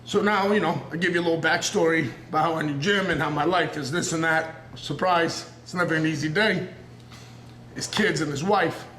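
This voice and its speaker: New York wrestler in his 30s, earnest, rambling promo, fairly high voice, roomy sound. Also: brisk, bright, forceful tone, a little hiss or hum. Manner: earnest and intense, rambling, circling back on himself. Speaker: professional wrestler. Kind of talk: raw unscripted wrestling promo interview. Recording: roomy echo.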